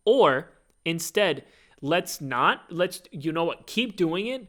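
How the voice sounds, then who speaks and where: A man hosting his own podcast, talking in an animated, rambling casual monologue full of fillers. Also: a little high, measured pace. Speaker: podcast host.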